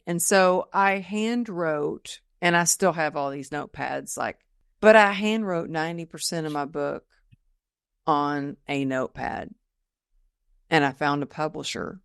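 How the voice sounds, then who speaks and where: A woman guest on a podcast, telling her story in a casual, lively way and acting out the people she quotes. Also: low voice, slow pace, pauses often, clear, resonant tone, no room sound, studio quality. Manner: lively storyteller who acts out quoted dialogue. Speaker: podcast guest, motivational speaker.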